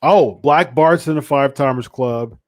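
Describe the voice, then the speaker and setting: A man's voice: medium pitch, unhurried, darkish tone, dry recording, studio quality. A man hosting a live podcast, chatting casually and chuckling, often repeating himself. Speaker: podcast host. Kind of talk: casual live-stream chat.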